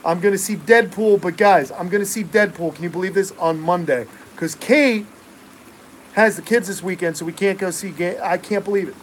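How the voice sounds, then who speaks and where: A middle-aged man with a New York accent answers live chat in a relaxed, joking way, full of uh fillers. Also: sits high, normal speed, a little hiss or hum, low-quality recording. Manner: relaxed, chatty, many uh fillers, jokey asides. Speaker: reptile keeper and channel host answering live chat. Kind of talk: casual live-stream chat.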